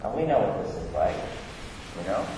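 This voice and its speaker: A young man preaching as pastor in church has a low-sitting, very animated voice at normal speed. He works through the sermon in a teacherly, conversational style, putting questions and then resolving them. Background noise is present, and the sound comes from far off in an echoey hall.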